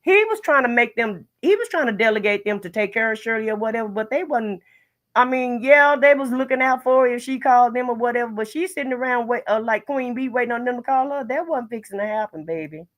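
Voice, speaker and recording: This is a casual livestream host who reads viewer comments out loud and answers them with blunt opinions. The talk is loose and conversational, full of restarts and repeated words, at an ordinary middle pitch. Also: quick pace. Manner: chatty and opinionated, reads comments aloud and reacts. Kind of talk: casual live chat commentary.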